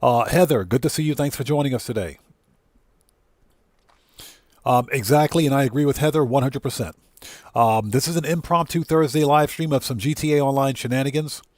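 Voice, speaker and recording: A man's voice: mid-range voice, fairly quick, long pauses, a little mellow, dry recording, clean studio sound. A man from the United States hosting a game livestream with no face cam, greeting chat viewers one by one, heartfelt and casual, talking into a desk mic. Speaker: livestream host.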